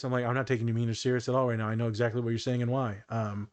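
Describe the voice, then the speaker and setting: A man's voice: medium pitch, level tone, very fast. A man hosting a casual podcast, teasing his co-hosts and explaining ideas in a counselor-like way. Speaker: podcast host.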